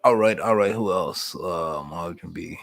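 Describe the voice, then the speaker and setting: A middle-aged man talks casually with his live stream viewers, folksy and story-driven, in warm Southern American speech peppered with "y'all." His deep voice moves a little slowly and carries vocal fry.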